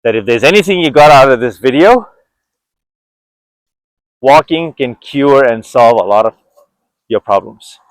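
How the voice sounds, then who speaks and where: An earnest man in his forties muses aloud while out on a walk. He speaks at a middle pitch and often restarts his sentences. His voice comes across dry and close. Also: animated, unhurried, pauses often, no room sound, poor audio. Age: 40s. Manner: earnest, reflective, with frequent restarts. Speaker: vlogger. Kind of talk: reflective walk-and-talk monologue. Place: outdoors on a walk.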